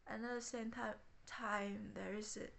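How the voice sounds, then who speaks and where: A woman talking haltingly in a personal diary vlog, often searching for words. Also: on the high side, steady tone, vocal fry, fairly bright tone, a little hiss or hum. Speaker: vlogger.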